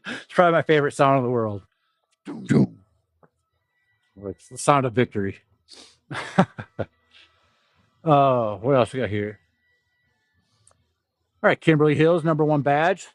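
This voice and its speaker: A man's voice: medium pitch, lively intonation, normal speed, pauses often, dry recording, studio quality. A young man with a nasal, stuffy voice chatting casually and profanely while livestreaming from an indoor gym. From South Dakota. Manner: profane, rambling, laughs often. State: stuffy nose. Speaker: fitness vlogger.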